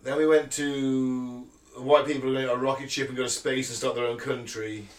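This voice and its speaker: A man's voice: mid-range voice, little pitch movement, brisk. A man co-hosting a podcast, bantering casually and mocking, laughing often. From England. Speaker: podcast co-host. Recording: roomy, distant mic, faint noise.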